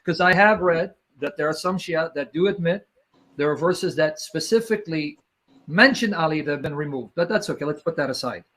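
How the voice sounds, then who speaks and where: Debate lead: man, fairly high voice, insistent questioner who repeats himself. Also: fairly bright tone. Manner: pressing, repeats questions, slows others down. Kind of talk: live online debate.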